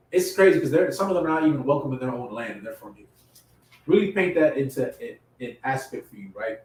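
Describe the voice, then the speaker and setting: A man preaches in an impassioned, casual style with a fairly high, very lively pitch. His voice rings in an echoey room. He sounds set back from the mic. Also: distant mic. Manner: impassioned, rising to loud emphatic peaks; casual street slang. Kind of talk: sermon.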